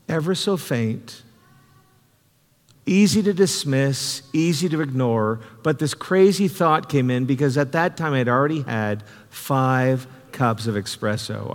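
A man preaching a sermon, telling a personal story in an earnest, conversational way with frequent restarts. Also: on the high side. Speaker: pastor. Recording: reverberant hall.

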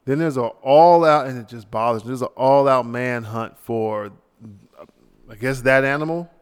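A man's voice: medium pitch, normal speed, clear, resonant tone, big-room sound. A man hosting a solo podcast, ranting casually and sounding tired late at night. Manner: casual, ranting, tossing in mock voices. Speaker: podcast host.

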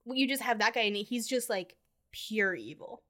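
Woman, podcast co-host, fairly high voice, animated, laughs a lot, casual chat. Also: normal speed. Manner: animated, laughs often, trails off mid-thought. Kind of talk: casual movie-review chat.

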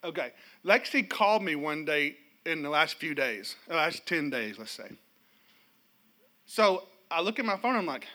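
A man's voice: fairly high pitch, moderate pace. A middle-aged man preaching a sermon in a church, telling stories with humor and calling out to the congregation for responses. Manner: animated, humorous storytelling with calls to the congregation. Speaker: pastor.

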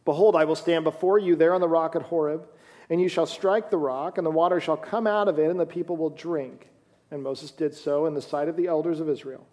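A man's voice: fairly high pitch, steady tone, fairly quick, a little mellow. A man preaching a sermon in a conversational way, reading scripture aloud as he goes. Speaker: pastor.

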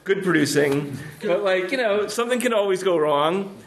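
A man's voice: sits high, expressive, normal speed, slight background noise. A man hosting a casual chat, talking loosely and swearing offhandedly. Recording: roomy echoey room.

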